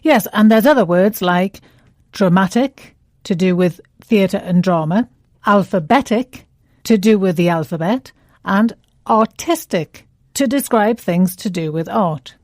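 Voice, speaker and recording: Woman doing an english lesson, slow and careful, dry studio sound. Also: medium pitch, darkish tone, dry recording. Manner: clear, deliberate, stretches words out to show stress. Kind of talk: scripted educational dialogue.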